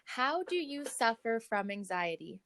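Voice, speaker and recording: A woman's voice: a little high, very animated, measured pace, a bit bright, dry recording. A woman co-hosting a casual podcast, putting questions to her co-host in an easygoing way.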